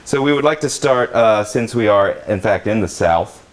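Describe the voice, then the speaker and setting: A man's voice: fairly low pitch, expressive, moderate pace. A man hosting a live comedy game show, upbeat and joking. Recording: loud live audience and noise. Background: loud audience laughter and noise.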